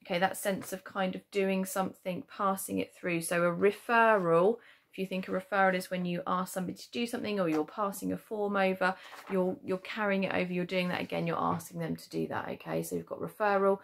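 A woman teaching a spelling lesson to children with a British accent, patiently explaining and checking in with "okay?", slowing down to stress syllables. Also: fairly low pitch, little pitch movement, creaky. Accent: British English. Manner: stresses syllables slowly to demonstrate. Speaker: primary school teacher.

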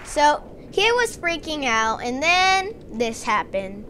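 A woman narrating a gameplay story with excitement, acting out her characters. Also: sits high, takes it slowly, a little hiss or hum. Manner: excited storytelling, doing dramatic voices for the characters. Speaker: game narrator.

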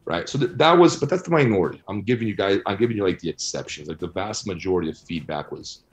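Deep-voiced blunt man in an interview. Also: quick pace, highs cut off. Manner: blunt, animated, argumentative. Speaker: guest, researcher and author. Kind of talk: conversational interview answers.

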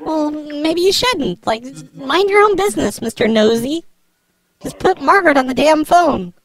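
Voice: sits high, animated, moderate pace, a bit bright, voice pushed up. A prank caller playing a brash, foul-mouthed woman neighbor who bosses people on the phone. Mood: irritated. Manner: rude, bossy, swears a lot.

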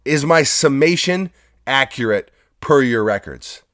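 A man's voice: medium pitch, animated, measured pace, fairly bright tone, no echo, clean studio sound. Laid-back male sneaker vlogger. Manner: laid-back, joking, rambling. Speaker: sneaker reviewer, host. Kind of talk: casual review vlog. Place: workshop studio.

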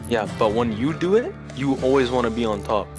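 A man's voice: mid-range voice, animated, brisk. A young man and student in a heated argument, insistent and aggrieved, pressing his point again and again. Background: music playing.

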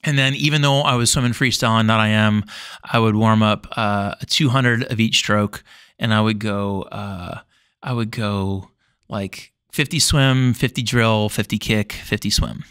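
A man's voice: lowish voice, measured pace, clean tone. Chatty middle-aged man telling a story. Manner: rambling, animated retelling with many fillers. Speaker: podcast guest, former Olympic swimmer. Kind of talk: casual storytelling interview.

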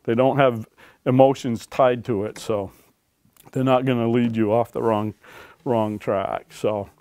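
A man's voice: mid-range voice, steady tone, a little slow, a little mellow. A man who is an author and search and rescue dog handler, telling folksy stories to an audience and often asking "right?". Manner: folksy, keeps checking in with "right?". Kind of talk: storytelling talk to an audience. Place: public library talk.

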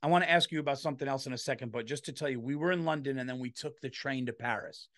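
A man hosting a podcast, telling stories in a loud, animated casual chat. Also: mid-range voice, rapid-fire. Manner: loud, animated storytelling with frequent "dude". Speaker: podcast host. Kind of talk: casual comedic storytelling.

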